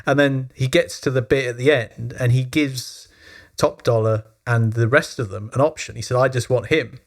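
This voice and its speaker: A man co-hosting a podcast, talking through a film at length in casual discussion, thoughtful and quick to laugh along. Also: mid-range voice, steady tone. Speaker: podcast co-host.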